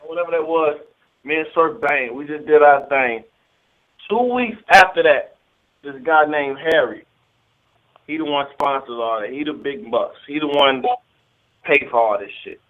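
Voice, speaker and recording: A high-voiced man tells a long story from an interview, swearing freely and acting out every phone call in quotes. The sound is thin and tinny, as if heard down a phone line. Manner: profane, streetwise, retells phone calls with quoted dialogue. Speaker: battle rapper in an interview clip.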